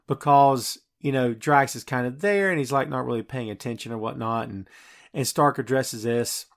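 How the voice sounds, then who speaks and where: A man's voice: medium pitch, normal speed. A man hosting a podcast and recapping a film scene by scene in casual, enthusiastic chat full of fillers. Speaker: podcast host.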